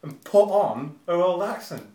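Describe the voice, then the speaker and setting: Man, podcast co-host, animated, mocking, laughs often, roomy echo. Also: high-pitched. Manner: lively, laughs often, quick to mock. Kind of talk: casual podcast banter. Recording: roomy echoey room.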